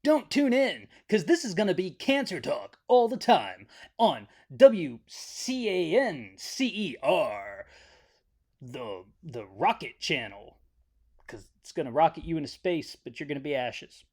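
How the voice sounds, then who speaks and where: A host doing a loud parody of a TV announcer reading a warning. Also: medium pitch, sing-song, a little slow, breathy edge. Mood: mock announcing. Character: mock TV announcer giving a trigger warning.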